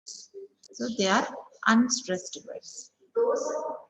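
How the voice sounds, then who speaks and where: A woman's voice: fairly high pitch, very animated, extremely slow, poor audio. Woman teacher drilling stress patterns. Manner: explains step by step, repeating 'okay, so' and drilling example sentences aloud. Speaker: English teacher. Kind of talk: online class lecture.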